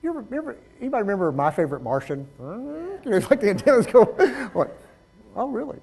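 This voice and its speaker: A male pastor preaching a sermon, swinging between loud exhortation and low, conversational storytelling. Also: wildly swooping pitch, fast talker, husky.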